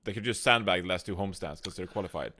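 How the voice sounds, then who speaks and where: A man's voice: sits low, rapid-fire, bright, forceful tone, a little hiss or hum. A man co-hosting an esports podcast, laid-back and matter-of-fact. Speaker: podcast co-host. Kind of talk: casual esports chat.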